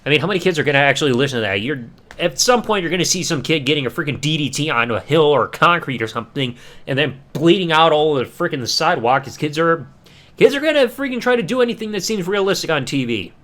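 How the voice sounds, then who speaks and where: A man's voice: on the high side, expressive, fast talker, fairly bright tone. A man hosting a podcast, reviewing a show in a casual, ranting way and mocking people with silly voices. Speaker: podcast host.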